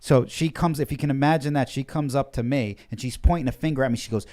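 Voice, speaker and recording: A man's voice: fairly high pitch, fast, hardly any pauses, darkish tone. A man telling a story as a guest on a talk show, emphatic and sarcastic. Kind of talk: animated storytelling.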